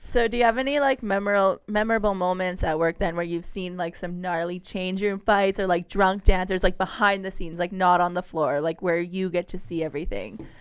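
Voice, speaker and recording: A woman co-hosting a podcast, teasing and quick to laugh in casual chat. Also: on the low side, clear, resonant tone, no room sound. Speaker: podcast co-host.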